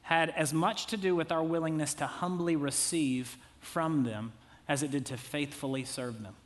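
Man, 30s, pastor; relaxed conversational sermon with humorous asides, a touch high in pitch. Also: moderate pace. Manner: conversational, jokey asides, acts out quotes.

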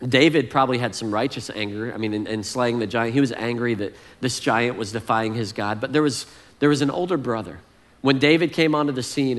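Casual male pastor, mid-pitched, easygoing sermon delivery with plenty of "kind of". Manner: conversational, relaxed, fillers like "kind of".

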